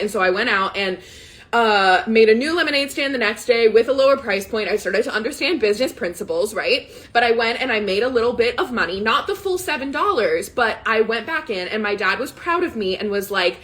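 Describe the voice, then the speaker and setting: A woman in her thirties talks candidly in a live coaching session, close to tears as she tells her story. Her voice sits somewhat high and swings widely in pitch. She keeps checking in with "right?" and peppers her talk with "like". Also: animated, fast talker, bright, forceful tone. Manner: candid, emotional, often says "right?" and "like". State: tearful, close to crying.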